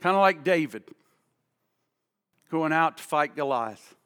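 A middle-aged man preaching a sermon as pastor, fervent and emphatic, swinging between shouting and hushed tones. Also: fairly high pitch, expressive, unhurried, long reverb tail.

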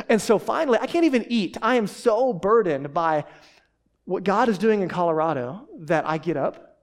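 In his thirties and from Texas, the male pastor delivers a fast-paced sermon. He's an animated storyteller whose pitch is a little elevated.

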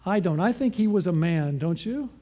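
Bright-toned man preaching with questions. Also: high voice, lively intonation, moderate pace. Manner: asks the listeners questions and answers them. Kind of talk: sermon with rhetorical questions.

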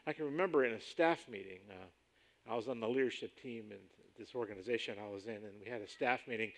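A man preaching a sermon as pastor, emphatic and rising sharply on key points, slowing down when he reads scripture aloud. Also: medium pitch. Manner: slows down to read scripture aloud.

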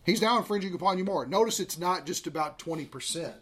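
A man in his thirties teaching a Bible class in a conversational, animated way. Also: sits high, quick pace, breathy edge.

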